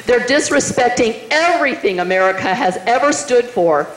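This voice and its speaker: A woman's voice: fairly high pitch, animated, moderate pace. A middle-aged woman giving a rousing, emphatic political rally speech in a meeting room, firing rhetorical questions at the crowd. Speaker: political speaker. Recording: roomy hall, faint noise.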